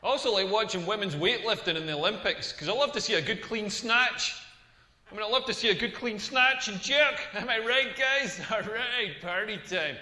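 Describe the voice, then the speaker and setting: A man's voice: high voice, normal speed, pushed and bright, echoey room, big-room sound. An actor with a Scottish accent playing a crude, rambling male stand-up comedian in a game video. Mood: deadpan crude. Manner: crude, rambling, self-deprecating.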